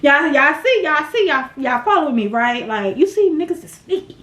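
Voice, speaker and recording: A woman's voice: high voice, big pitch swings, moderate pace, a bit bright. A young woman telling a storytime tale to her viewers in a blunt, profane, dramatic way. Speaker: storytime vlogger. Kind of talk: casual storytime chat. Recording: roomy echo.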